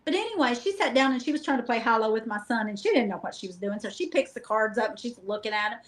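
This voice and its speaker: A middle-aged woman guest, telling lively, joking stories about a paranormal investigation in a casual chat. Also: on the high side, quick pace, poor audio. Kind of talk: casual storytelling.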